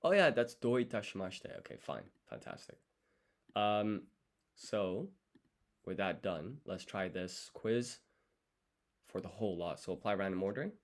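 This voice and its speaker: A man thinking aloud through a language study session, sounding out foreign words slowly syllable by syllable and muttering self-corrections. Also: fairly low pitch, lively intonation. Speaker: language learner streaming his study.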